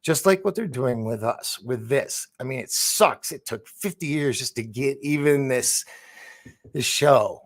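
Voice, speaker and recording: A man with a mid-range voice and measured pace hosts a livestream, chatting loosely and rambling. He reads the chat and laughs often as he goes.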